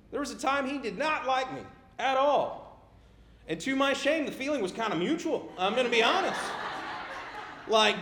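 High-voiced male pastor in an echoey room. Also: moderate pace. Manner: conversational, rising to animated role-play of pleading people. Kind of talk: sermon.

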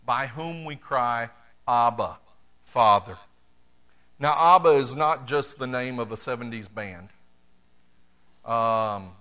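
A man's voice: medium pitch, bright, forceful tone. A middle-aged man preaching a sermon, talking to the congregation in a conversational way with dry humor. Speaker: pastor.

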